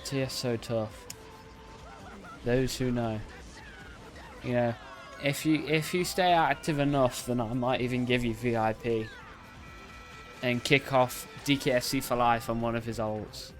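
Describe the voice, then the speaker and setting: A male streamer talks to his chat at an unhurried, drawn-out pace, rambling and interrupting himself as he plays. His voice sits at an ordinary middle pitch. Faint music plays behind him. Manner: bursts into loud repeated "no, no" while playing. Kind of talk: casual live-stream chat while gaming.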